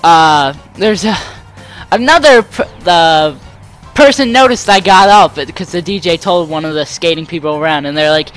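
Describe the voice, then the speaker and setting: A man's voice: fairly high pitch, moderate pace, soft background music. A young man hosting a let's play, rambling animatedly through a story and acting out the people in it. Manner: rambling, animated, acts out the people in his stories. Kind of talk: casual storytelling over gameplay.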